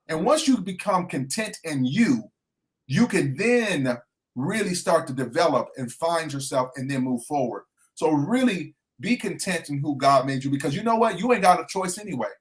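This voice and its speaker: Middle-aged guy coaching folks, earnest and preachy, a bit high voice. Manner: earnest, preacherly, repeats key phrases. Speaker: transformation coach, guest. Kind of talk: inspirational interview talk.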